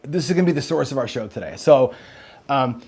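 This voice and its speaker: A man's voice: medium pitch, expressive, a little fast, darkish tone, breathy edge. A man hosting a casual livestream, rambling and asking "right?" after nearly every sentence, and swearing when he gets heated. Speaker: host.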